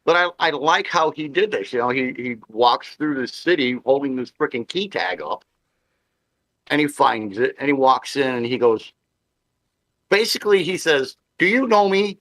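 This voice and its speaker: A man's voice: mid-range voice, lively intonation, moderate pace, a bit bright, no echo. A man co-hosting a podcast, chatting about a TV show, stammering at the start of sentences and acting out the lines he quotes. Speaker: podcast co-host. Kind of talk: casual chat about a show.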